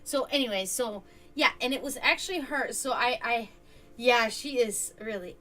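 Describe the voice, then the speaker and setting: Bright-voiced woman chatting on stream. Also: expressive, normal speed, soft background music, poor audio. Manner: chatty, rambling, swearing, laughs often; high sing-song baby talk to her cats. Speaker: esoteric stream host. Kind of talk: casual livestream chat. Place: home, indoors.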